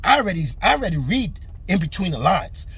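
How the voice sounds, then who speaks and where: A man's voice: high voice, big pitch swings, a little fast, fairly bright tone, breathy edge, no echo. A man hosting a boxing commentary channel, delivering a heated, profane opinion rant to camera. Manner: heated, aggressive, repetitive and profane.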